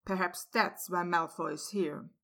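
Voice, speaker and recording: Plain-talking protective young guy, woman reader, slightly low, bright. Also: steady tone, a little slow, vocal fry. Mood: blunt. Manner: plain-spoken, casual. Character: blunt, protective young man, loyal friend.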